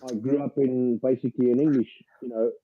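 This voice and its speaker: A man's voice: medium pitch, steady tone, fairly quick, dry recording. Easygoing South African man on a dull line. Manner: easygoing, agreeable, hesitant. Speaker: guest. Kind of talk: casual live-stream chat.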